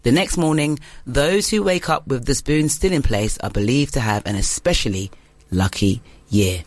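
A woman hosting a casual podcast quiz game, giggly and quick to mock herself. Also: rumbling low, no echo. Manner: giggly, self-mocking. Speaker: quiz host.

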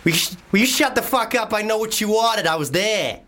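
Comic Boston tough guy, brash and shouting, high-pitched, put on by a man. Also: expressive, fairly quick. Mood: aggressive. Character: loud aggressive Boston man.

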